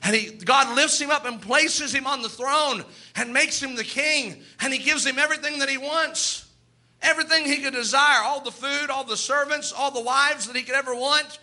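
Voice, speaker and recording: A man with an extremely high, sharp voice preaches at a moderate pace, telling Bible stories and voicing the characters in quotes. He builds intensity through emphatic repetition.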